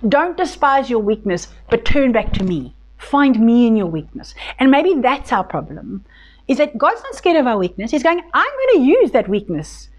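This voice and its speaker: A woman's voice: on the high side, very animated, normal speed. A woman teaching a Bible study group in a casual, conversational way, with many restarts, speaking tenderly when voicing God. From South Africa.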